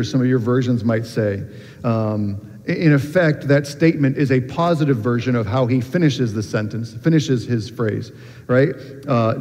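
A man preaching a sermon in a relaxed, conversational way, with frequent ums and restarts. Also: mid-range voice. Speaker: pastor. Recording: dull sound with long reverb in a hall.

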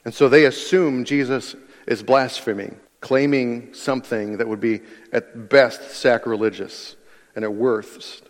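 A man's voice: mid-range voice, fairly even intonation, measured pace. A man preaching a sermon in an earnest way, repeating key phrases for emphasis. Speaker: pastor. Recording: long hall reverb.

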